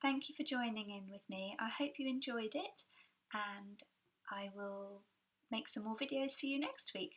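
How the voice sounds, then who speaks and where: A young woman teaching a nursery music lesson, talking gently and making playful vocal sounds. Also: a little high, moderate pace, low-quality recording.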